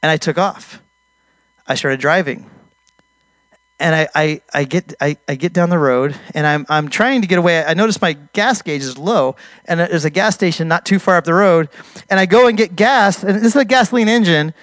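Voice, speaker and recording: A high-voiced man recounts a dramatic missionary testimony. He is animated, stumbles and restarts often, and lifts his voice at the tense parts. The sound is dry and close, with no room around it. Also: normal speed, dry recording. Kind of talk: storytelling testimony.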